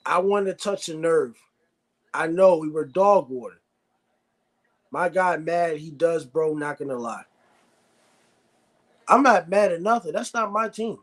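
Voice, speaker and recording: A man's voice: on the high side, a little slow, long pauses. A man hosting a live sports reaction stream, ranting bluntly and repeating himself. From United States. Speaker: sports show host.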